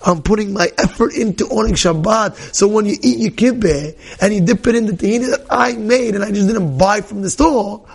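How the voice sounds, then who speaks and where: A man teaching as a rabbi in a lively Torah class, repeating his points and acting out the people in his stories. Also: sits high, fairly quick, gravelly, hardly any pauses, breathy edge. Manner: animated, repeats phrases, acts out quoted people.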